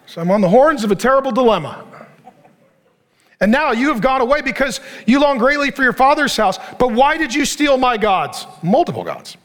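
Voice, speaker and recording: A middle-aged man preaching a sermon, animated and joking, acting out the people he reads about. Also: very high-pitched, brisk. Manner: animated, joking, acts out the characters' lines; preaching to a laughing audience. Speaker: pastor.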